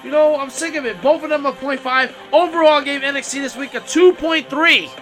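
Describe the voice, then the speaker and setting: A man's voice: extremely high pitch, fairly quick, fairly bright tone, soft background music. A man hosting a wrestling podcast, giving scores and getting emphatic in casual talk. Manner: emphatic, hyped up. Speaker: podcast host. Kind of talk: casual chat.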